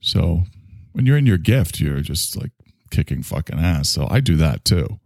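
A man, heavily acting, voices a low, rambling figure who admits to being messy and imperfect, musing philosophically with stop-start restarts for an improv comedy sketch. His delivery is sing-song and creaky with a darkish tone. It's a dry, studio-quality recording.

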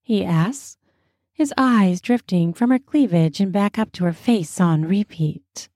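A woman narrating a story in a slow, soft, intimate way. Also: medium pitch, dry recording, clean studio sound. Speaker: storyteller and host.

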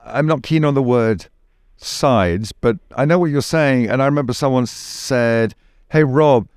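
A man's voice: medium pitch, unhurried, a little mellow, clean tone, no room sound. A man from the United Kingdom speaks in an everyday mid-range voice, weighing his words and often circling back with restarts and fillers. His voice is recorded close and dry, with no room sound. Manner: thoughtful, hesitant with many restarts and fillers. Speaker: guest. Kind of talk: conversational interview.

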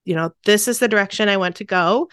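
A woman hosting a casual conversation who talks quickly and chats, often agreeing in short words. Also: mid-range voice, a bit bright, clean tone, dry recording, studio quality.

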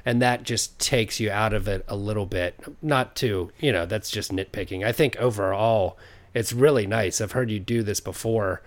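A man's voice: fairly low pitch, normal speed. A man co-hosting a podcast who asks about a song cover and gives friendly, supportive critique in casual chat. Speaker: podcast co-host.

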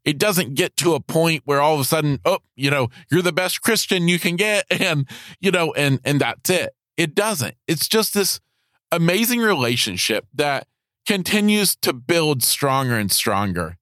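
A man hosting a podcast, telling a heartfelt personal faith testimony in a halting way, often repeating his words. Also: fairly high pitch, lively intonation, fairly bright tone, no room sound, studio quality. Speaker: podcast host.

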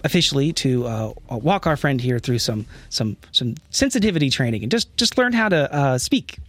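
A man voicing a timid, prim male wood elf advisor who talks in a hesitant hush. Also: medium pitch, lively intonation, moderate pace, no echo, faint music behind. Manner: hushed, hesitant, polite.

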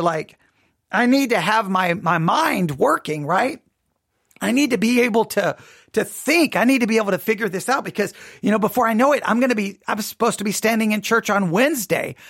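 Earnest halting pastor, gravelly voice. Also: male voice, high-pitched, a bit bright, dry recording, studio quality. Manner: earnest, halting, repeats words. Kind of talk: personal podcast monologue.

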